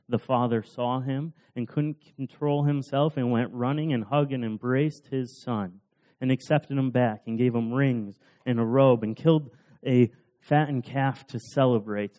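Male preacher, casual storyteller, mellow warm tone, relaxed sermon delivery. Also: medium pitch. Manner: casual storytelling with fillers and restarts.

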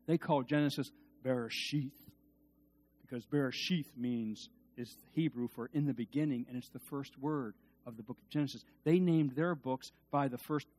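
A man preaching a sermon in a conversational way, swinging from quiet asides to loud, emphatic peaks, with restarts and repeated words. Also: medium pitch.

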